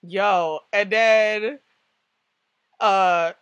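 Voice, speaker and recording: A young woman from the New York–New Jersey area reviewing a TV show in a casual vlog, slangy and animated, often laughing and acting out what others said. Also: medium pitch, extremely slow, clean tone, no echo, highs cut off. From New York–New Jersey tri-state area.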